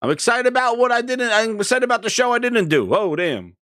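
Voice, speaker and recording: Here a very high-pitched male voice, a little fast, hosts a gaming stream from a home streaming room. He rambles excitedly through casual chat, calling out the names of viewers as they appear.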